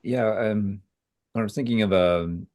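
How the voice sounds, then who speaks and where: Rambling male player thinking aloud, very low voice, dry mic. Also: unhurried, darkish tone, no echo. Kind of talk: session-zero planning chat.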